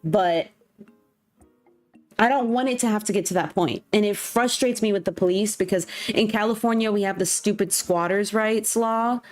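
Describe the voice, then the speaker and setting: Young woman streamer, blunt ranting chat, mid pitch, light music underneath. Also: moderate pace, darkish tone. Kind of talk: casual livestream chat. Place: home. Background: faint background music.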